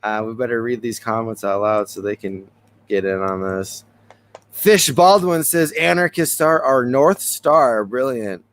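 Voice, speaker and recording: A man's voice: medium pitch, measured pace, a bit bright. A man hosting a casual podcast, talking loosely and rambling with frequent chuckles. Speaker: podcast host.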